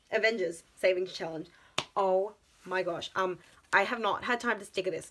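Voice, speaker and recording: Aussie woman vlogging her budget stuff, super chatty and excited, mid pitch. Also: slight background noise, rough recording. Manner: excitable and chatty, with frequent gasps and exclamations. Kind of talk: casual vlog chat.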